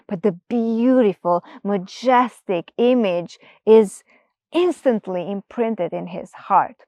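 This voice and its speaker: A woman telling a traditional story in a slow, expressive voice that sometimes sinks to a near-whisper. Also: fairly high pitch, dry recording. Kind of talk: gentle storytelling narration.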